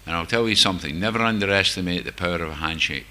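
An older man from near Glasgow, Scotland, with the local accent, tells a group the story of his own recovery. His voice is low-pitched and very fast, with a bright, forceful tone. He speaks candidly, with wry, self-mocking humor.

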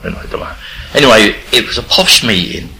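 An older man from England, telling his life story in a rambling, halting way with many restarts. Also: lowish voice, big pitch swings, gravelly, bright, forceful tone, slight background noise, poor audio. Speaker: recovery speaker sharing his story. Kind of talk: personal storytelling.

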